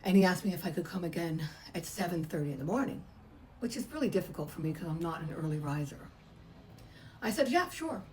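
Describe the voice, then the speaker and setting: A woman's voice: lowish voice, quick pace, darkish tone, slight background noise, poor audio. A middle-aged woman, a massage therapist, chattily telling a personal story and acting out the voices she quotes. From United States.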